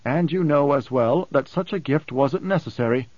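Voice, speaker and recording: A man reading an audiobook, voicing a composed, wry man who speaks in a measured, deliberate way. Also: fairly high pitch, a little mellow, dry recording, highs cut off, close to an everyday voice. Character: calm, cool-headed man, dryly amused.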